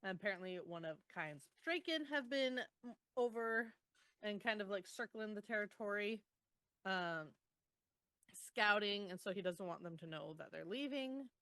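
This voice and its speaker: A woman co-hosting a podcast, casually retelling book chapters with groans, laughs and animated quotes. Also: medium pitch, normal speed, clean tone, no room sound. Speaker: podcast co-host. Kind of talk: casual book recap chat.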